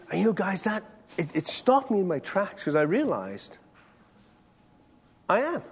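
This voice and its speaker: A middle-aged pastor delivers a sermon to his congregation, talking conversationally and putting questions straight to listeners. His high, breathy voice swings hugely in pitch at a moderate pace with long pauses, under long hall reverb.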